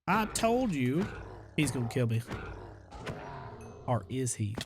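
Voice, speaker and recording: A young man giving casual gameplay commentary as a streamer, chatty, with exaggerated complaints and excited outbursts. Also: medium pitch, takes it slowly, noisy background. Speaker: gaming streamer.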